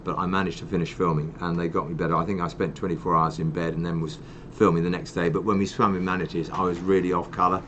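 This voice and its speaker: A man's voice: low voice, level tone, quick pace, hardly any pauses, fairly bright tone, a little hiss or hum. An older man hosting a charity live stream, chatting in a rambling, self-mocking way. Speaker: charity host. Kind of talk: casual live-stream chat.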